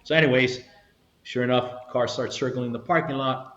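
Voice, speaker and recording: A man's voice: medium pitch, normal speed. An older man, a retired federal agent, telling stories as an interview guest, acting out the voices of the people in them. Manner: animated storyteller acting out quoted voices. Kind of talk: storytelling interview. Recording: echoey room, slightly dull sound.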